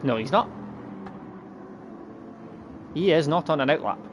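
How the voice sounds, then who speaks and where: Man, race commentator, chatty, fairly high voice, background noise. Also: animated. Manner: chatty, laughing, quick self-corrections. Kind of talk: sim racing commentary.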